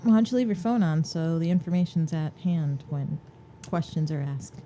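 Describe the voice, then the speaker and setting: Woman podcast co-host, low and mellow, dry jokey delivery. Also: moderate pace, a little hiss or hum. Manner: wry, joking asides. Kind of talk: casual chat.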